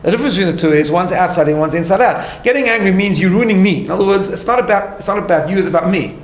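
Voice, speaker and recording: A man with a fairly high voice is teaching a class. He talks in an earnest, patient way and keeps checking in with his listeners. The sound carries a noticeable room echo. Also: rapid-fire. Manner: earnest, explains step by step, tags lines with "right?". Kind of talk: recorded class lecture.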